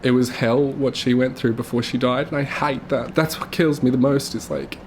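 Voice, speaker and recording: A young man telling his late mother's story to camera, tearful and halting, with his voice breaking. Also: medium pitch, steady tone, darkish tone, a little hiss or hum. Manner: halting, full of fillers and restarts.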